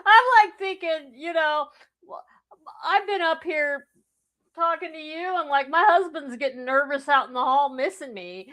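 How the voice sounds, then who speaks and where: A woman's voice: sits high, a little slow, fairly bright tone. A woman co-hosting a podcast in casual chat, teasing and laughing often. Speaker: podcast co-host.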